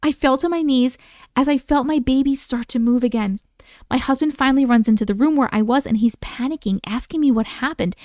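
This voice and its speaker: A woman hosting a live stream, reading viewer stories aloud and reacting with animated exclamations and swearing. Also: high-pitched, a little fast, dry recording.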